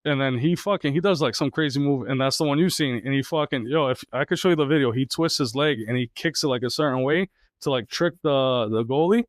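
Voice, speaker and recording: A man in his thirties co-hosting a podcast, chatting loosely and telling stories with lots of swearing and energy. His voice sits at an ordinary middle pitch. The sound is close and dry with little room echo. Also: brisk. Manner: profane, animated storytelling. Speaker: podcast co-host. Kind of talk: casual chat. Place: indoor podcast setup.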